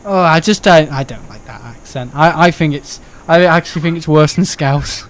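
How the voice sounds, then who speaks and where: A man's voice: on the high side, moderate pace, slight background noise. A young man, chatting casually and rambling on a live stream, swearing and laughing often.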